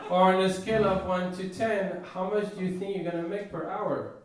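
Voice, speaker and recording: A man performing stand-up, his voice sitting a little high. He boasts in a flat, deadpan way and trips over restarts. The sound is very echoey, picked up from a distance over steady noise. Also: normal speed. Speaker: stand-up comedian. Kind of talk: stand-up comedy set. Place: comedy stage before a laughing audience. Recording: echoey, distant live room mic with noise.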